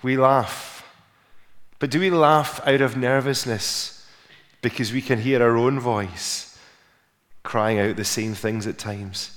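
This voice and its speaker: A man's voice: medium pitch, fairly even intonation, slow, pauses often. Male preacher in a reverberant hall. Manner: storytelling, rising for emphasis, softening in prayer. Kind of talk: sermon.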